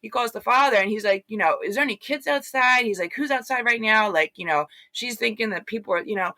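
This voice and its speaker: A woman recounts her story as an interview guest, talking in a loose, rambling way with plenty of fillers and acted-out quotes. Her voice is bright and forceful. The sound is dry and close, with no room echo. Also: on the high side, quick pace. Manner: rambling, animated retelling with many fillers. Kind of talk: casual storytelling.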